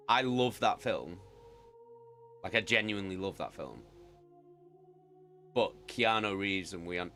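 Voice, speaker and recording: A man's voice: low-pitched, sharp tone. A British man chatting casually with viewers as a streamer, rambling and swearing freely. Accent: British English. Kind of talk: casual chat.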